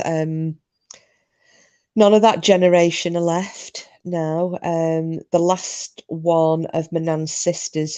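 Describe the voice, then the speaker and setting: A woman's voice: sits low, mellow. A woman hosting a live stream, chatting casually and rambling, with frequent restarts. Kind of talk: casual chat.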